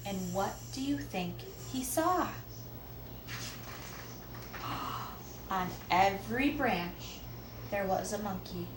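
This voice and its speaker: A woman reading picture books aloud to children, expressive and asking listeners questions. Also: medium pitch. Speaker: children's story reader. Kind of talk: picture book read-aloud. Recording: roomy echo, faint background noise.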